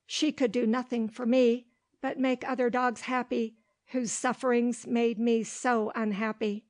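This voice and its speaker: A woman narrating an audiobook with steady, clear storytelling. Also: a little high, unhurried. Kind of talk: audiobook reading.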